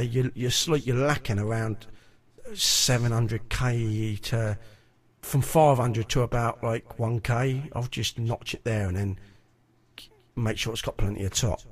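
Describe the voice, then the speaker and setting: A man's voice: medium pitch, unhurried. A man on a stream, muttering to himself and repeating words as he tunes his mic and EQ. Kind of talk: casual live-stream chat.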